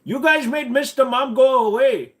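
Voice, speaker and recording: A man doing a high sing-song joke accent. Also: animated, very slow, gravelly, a little mellow, heavily acted. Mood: playful. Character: man putting on a comic foreign accent, chatty.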